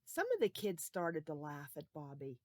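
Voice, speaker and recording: A woman telling a story to young children, animated and often asking the children questions. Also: low-pitched, moderate pace, dry recording, clean studio sound.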